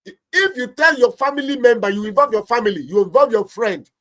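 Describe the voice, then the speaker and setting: A man's voice: extremely high pitch, expressive, a little fast, a bit bright. A man with a Nigerian accent, a pastor and marriage counselor giving emphatic marriage advice on a talk show. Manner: emphatic, preacherly, acts out little anecdotes.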